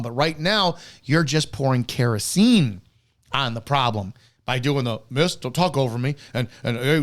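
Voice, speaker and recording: A man with a somewhat high-pitched voice gives heated, profane commentary on police footage. He talks bluntly and cuts in sharply. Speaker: host reviewing police footage.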